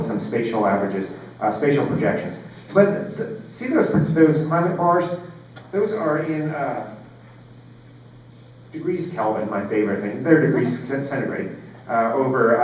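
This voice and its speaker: Speaking at medium pitch, a man in his forties delivers a conference keynote as a geological scientist, casual in tone with many fillers and wry remarks. The large hall gives an echoey, distant, dull sound, with slight background noise.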